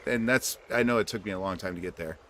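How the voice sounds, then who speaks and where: A man's voice: low voice, quick pace, fairly bright tone, slight background noise. A man streaming late at night, telling stories in a rambling, profanity-filled way, full of fillers and restarts. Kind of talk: casual late-night chat.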